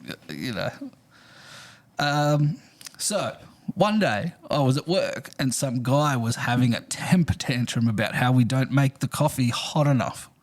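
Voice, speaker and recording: A man co-hosting a laid-back podcast reads a listener's story aloud, laughing frequently along the way. His voice is medium in pitch with lively intonation, and he takes his time.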